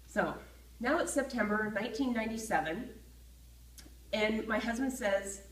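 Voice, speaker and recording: A woman telling a personal story in a lively way, acting out her own feelings as she goes. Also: a little high, moderate pace. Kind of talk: personal story told to camera. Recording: roomy echo, voice from a distance from the mic.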